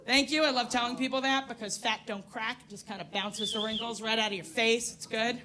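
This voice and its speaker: A woman's voice: a little high, steady tone, fairly quick, bright, forceful tone. A woman in her forties doing a brash, profane stand-up comedy set on a comedy club stage, teasing the crowd. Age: 40s.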